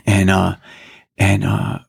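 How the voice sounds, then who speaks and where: A middle-aged man telling a family story in casual chat, rambling and animated, full of "you know what I mean" and "dude". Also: sits low, takes it slowly, gravelly, husky.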